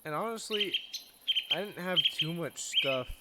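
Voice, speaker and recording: A man's voice: fairly high pitch, lively intonation, a little slow, heavy background noise. A man hosting a gaming video, chatting to himself and his viewers as he plays. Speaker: gaming channel host. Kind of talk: let's play commentary.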